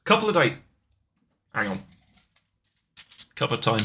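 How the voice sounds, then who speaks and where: A man co-hosting a casual podcast, trading jokes with his co-host. His voice sits at an ordinary middle pitch. He talks playfully, drifting into silly voices and mock-dramatic bits. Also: sing-song, unhurried, pushed and bright, a little hiss or hum. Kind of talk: casual banter.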